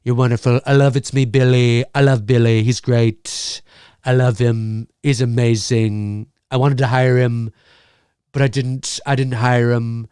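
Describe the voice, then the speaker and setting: A man putting on the voice of another man who keeps gushing with praise, repeating himself and slowing down. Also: mid-range voice, little pitch movement, darkish tone, clear, resonant tone, dry recording, studio quality, voice pushed down, close to an everyday voice. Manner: repetitive, gushing.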